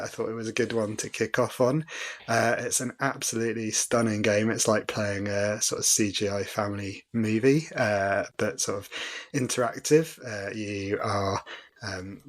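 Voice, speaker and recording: Low-voiced man rambling on a podcast. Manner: rambling, self-deprecating, lots of ums and uhs. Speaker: podcast co-host. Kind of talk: casual podcast chat.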